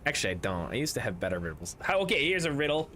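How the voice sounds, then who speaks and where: A man's voice: mid-range voice, very animated, rapid-fire, pushed and bright, a little hiss or hum. A man streaming a tabletop game with friends, chatting casually, rambling through jokes and riddles and swearing now and then.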